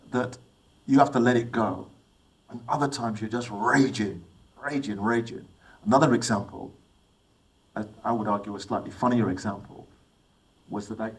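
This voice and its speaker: A middle-aged Englishman gives a motivational talk to young people, sharing personal stories and putting questions to his listeners. His voice is on the low side, and the recording quality is poor.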